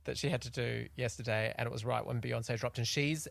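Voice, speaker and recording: A woman's voice: rumbling low, brisk, creaky, no room sound. A woman, co-hosting a podcast and telling stories in casual chat. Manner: animated storytelling. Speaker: podcast co-host.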